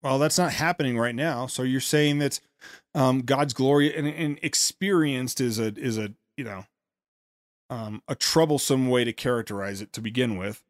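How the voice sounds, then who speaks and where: A man hosting a podcast, giving sarcastic commentary on a played speech with quick asides and restarts. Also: medium pitch, no echo, studio quality. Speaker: podcast host.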